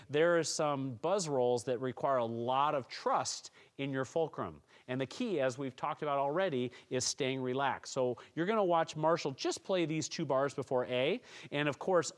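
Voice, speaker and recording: A man giving a calm, encouraging music lesson, explaining percussion technique step by step to students. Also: fairly high pitch. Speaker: music teacher. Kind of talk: instructional tutorial.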